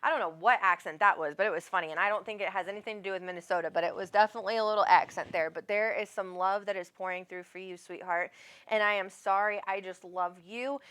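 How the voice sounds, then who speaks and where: A woman's voice: medium pitch, fairly even intonation, quick pace, fairly bright tone. A middle-aged woman hosting a live psychic reading show, talking to callers in a rambling, affectionate way with lots of fillers. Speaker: psychic medium host.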